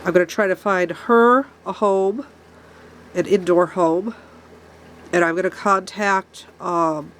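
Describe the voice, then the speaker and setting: This woman's voice sits on the low side, fairly bright and fairly even, and she takes it slowly; there's slight background noise. A rabbit keeper vlogging from her barn with pets around, she's congested from a cold and angrily rants about a problem, noting how angry she sounds.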